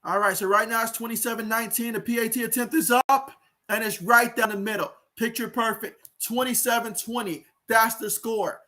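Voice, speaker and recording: A man calling a football game play by play on his own livestream, excitable and chatty with his viewers. His voice sits very high for a man. He talks into a home streaming mic. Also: brisk. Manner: excitable, talks to viewers, reads out chat comments. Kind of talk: live play-by-play commentary.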